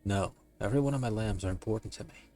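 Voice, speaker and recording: A man voicing a stern, patient male shepherd who gives firm, flat refusals in a playful dramatic reading of a comic. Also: on the low side, quick pace, faint music behind, lightly acted.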